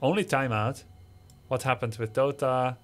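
A man's voice: medium pitch, fairly even intonation, a little slow. A man streaming live, reading viewer messages aloud with a sarcastic, mocking, theatrical manner, faint music behind him. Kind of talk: livestream reading chat messages.

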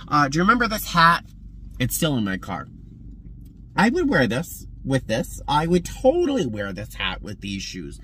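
A man chatting casually in a vlog from his car, expressive and talkative, with loud bursts now and then. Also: mid-range voice, unhurried, a little hiss or hum. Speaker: vlogger. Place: in a car and around a parking lot.

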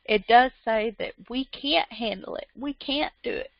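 A woman's voice: a little high, unhurried, dry recording. A woman preaching a fervent, emotional sermon online, repeating phrases and laughing through tears. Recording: dull lo-fi sound.

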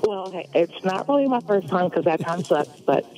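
A woman's voice: lowish voice, animated, a little fast, background noise. Chatty woman calling in by phone. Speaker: caller. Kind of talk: phone-in storytelling.

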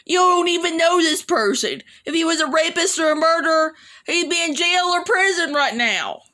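A woman hosting a reaction video, giving slow, scolding commentary on clips. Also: very high voice, animated, bright, forceful tone.

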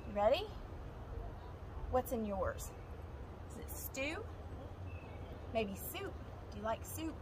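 A woman's voice: fairly high pitch, background noise. A woman guiding children through yoga moves, upbeat and encouraging, counting aloud. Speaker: kids' yoga leader.

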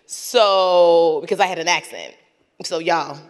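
A fairly low-voiced woman from Nigeria tells stories onstage in a large hall, and her voice rings with a long reverb. She is animated and laughs often, and she slips into other people's voices as she goes. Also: slow pace. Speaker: panel guest. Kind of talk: storytelling on a panel. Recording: echoey hall.

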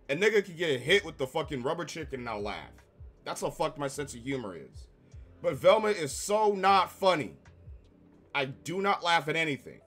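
A man with a somewhat high, forceful and tense voice delivers a heated, profane rant as an online reviewer. He sounds slightly ill, and faint music plays underneath. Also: husky. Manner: heated, profane, repetitive ranting. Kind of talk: angry commentary rant.

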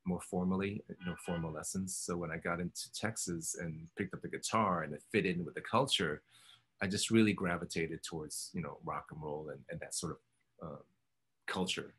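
A man's voice: low voice, steady tone, normal speed, fairly bright tone, slightly rough. A man in his fifties from Oakland, California, recalling his past in a reflective oral history interview, with many ums and restarts. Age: 50s. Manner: thoughtful, rambling, many ums and self-corrections.

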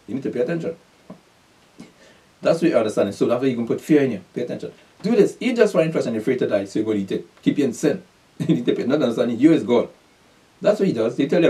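In a mellow, mid-range voice with a sing-song lilt, a man preaches a bible class quickly, recorded from a distance. He reads passages of scripture aloud and unpacks them through emphatic call-and-response questions, with repeated calls for attention.

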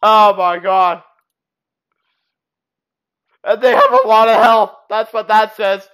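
A gaming channel host giving excitable let's-play commentary, quick to laugh and shriek. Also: mid-range voice.

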